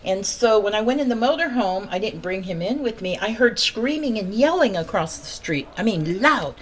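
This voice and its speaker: A woman's voice: mid-range voice, normal speed. American lady telling a reporter what she saw, all worked up, outside on the street, bit of background noise. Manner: excited storytelling, acts out quotes. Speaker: eyewitness neighbor. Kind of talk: on-scene news interview. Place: outdoors at a street scene.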